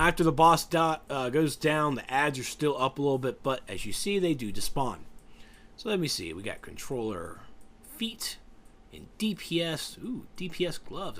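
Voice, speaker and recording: A tired, yawning man giving casual, rambling commentary over a game raid walkthrough, joking and trailing off as he tries to recall names. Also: medium pitch. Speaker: gameplay guide commentator.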